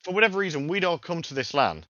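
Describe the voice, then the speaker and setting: A man's voice: on the high side, sing-song, fast talker, highs cut off, crowd noise. A man co-hosting a casual podcast, telling rambling anecdotes with restarts and swearing. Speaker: podcast host.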